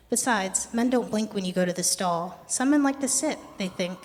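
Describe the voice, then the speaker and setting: A young adult poet giving a poetry reading with a wry, conversational, deadpan delivery. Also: mid-range voice, normal speed, few pauses. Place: art gallery performance space. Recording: long reverb of a gallery hall.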